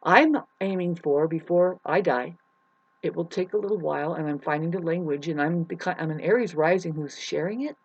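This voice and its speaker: Spiritual vlogger, rambling monologue, mid pitch, restarts, loud mocking bursts, casual swearing, dull lo-fi audio. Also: a little fast, dry recording.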